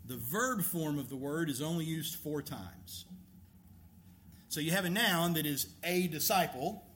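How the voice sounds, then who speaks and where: A man preaching a sermon as a pastor, emphatic and animated, asking rhetorical questions. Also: a little high, a little slow, slight background noise.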